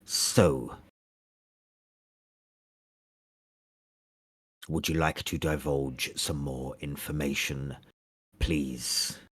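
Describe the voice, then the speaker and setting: A man's voice: extremely low pitch, fairly even intonation, takes it slowly, husky, heavily acted. Man voicing a cold, stern older patron. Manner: cold, reproachful, clipped. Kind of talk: tabletop role-play.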